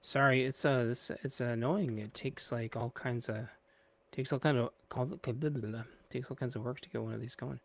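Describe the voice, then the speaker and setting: Speaking at a normal pace with vocal fry, a man with a medium pitch and fairly even intonation rambles through the pre-show of his podcast livestream. He's waiting on his guest, so the talk wanders playfully and he leaves sentences unfinished.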